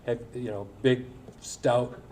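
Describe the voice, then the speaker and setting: A man's voice: mid-range voice, fairly even intonation, takes it slowly, warm tone, distant mic, slight background noise, low-quality recording. A man in his forties, an alumni guest speaker, telling anecdotes to an audience in a folksy, humorous way with lots of filler words. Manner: folksy storytelling with frequent filler words and self-deprecating humor. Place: event hall at a school breakfast.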